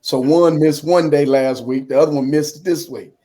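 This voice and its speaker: Speaking via computer on a video call, a fiftysomething interview guest recounts his story in a warm voice pitched a little above most men's. His intonation stays fairly level at a moderate pace, and he performs both sides of remembered exchanges, sprinkling "man" throughout.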